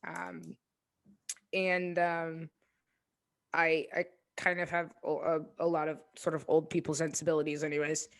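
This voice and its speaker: Woman, twenties, interview guest, low-pitched, unhurried, hesitant, reflective. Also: little pitch movement, creaky. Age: 20s. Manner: hesitant, many ums and restarts. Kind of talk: reflective casual conversation.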